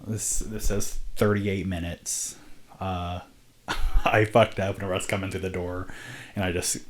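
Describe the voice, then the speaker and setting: A man's voice: deep voice, level tone, a little slow. A man talking to camera in a casual, rambling vlog, earnest and sweary, often breaking into laughter. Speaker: vlogger, independent filmmaker.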